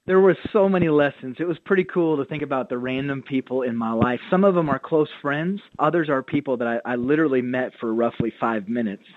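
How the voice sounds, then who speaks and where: A man's voice: mid-range voice, fairly quick, hardly any pauses, dry recording. A man, a pastor and author, telling stories earnestly as a radio interview guest. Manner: earnest storytelling, acts out quotes. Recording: tinny phone line, dry.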